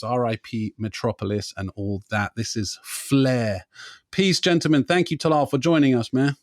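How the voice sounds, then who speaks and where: A man's voice: medium pitch, dry recording. Laid-back man, dry mic. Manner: laid-back storytelling, swears freely. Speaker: podcast host. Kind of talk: casual chat.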